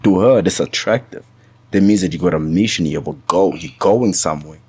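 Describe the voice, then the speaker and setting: A man's voice: low voice, brisk, darkish tone, husky, no room sound. A man talking as a podcast guest in a casual chat, earnest, often stammering and restarting his sentences.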